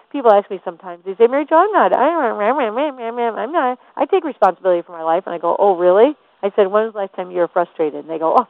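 A woman's voice: medium pitch, dry recording. Emphatic woman on a tinny line. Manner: emphatic, with rhetorical questions. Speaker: motivational teacher. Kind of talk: faith-based motivational talk. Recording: tinny phone-like dry sound.

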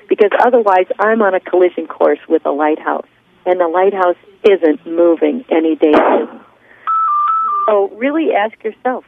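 A woman's voice: fairly low pitch, expressive, normal speed, gravelly, no echo. A woman leading a motivational class on a conference call, earnest and preachy as she tells stories. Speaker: class leader and coach. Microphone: phone. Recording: tinny phone line.

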